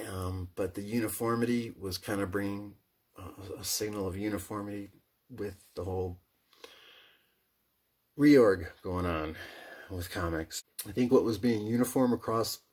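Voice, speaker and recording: A man's voice: lowish voice, measured pace, pauses often, darkish tone. A man with a Midwestern accent, chatting casually and enthusiastically about his comic book collection, slangy and profane, rambling with restarts. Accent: Midwestern American. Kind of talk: casual chat.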